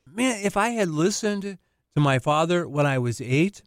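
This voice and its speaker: A man's voice: a little high, lively intonation, moderate pace, no room sound. Brief: man as counseling guest, good-humored, dry studio sound. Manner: laughs easily, good-humored. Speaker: Christian counselor, regular guest. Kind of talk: casual chat.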